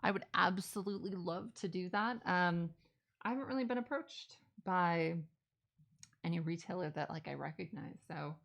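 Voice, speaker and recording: A lowish female voice with vocal fry and a slightly bright tone talks at a moderate pace, though the highs are cut off. She's running a casual craft stream, responding to viewers, meandering, correcting herself and enthusing about films.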